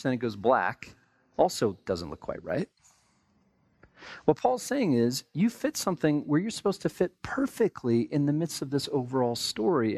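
A man's voice: on the high side, dry recording. An American man preaching a sermon in a conversational way, acting out everyday people's remarks in quotes. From United States. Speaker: pastor.

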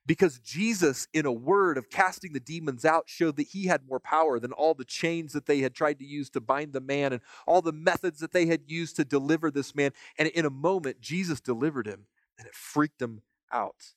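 A man teaching from the Bible in a relaxed, conversational way, reading passages aloud and stopping to comment on them, often repeating a word as he starts a phrase. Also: a little high, moderate pace, no echo. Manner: casual, repeats words when starting phrases; reads scripture aloud between comments. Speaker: preacher.

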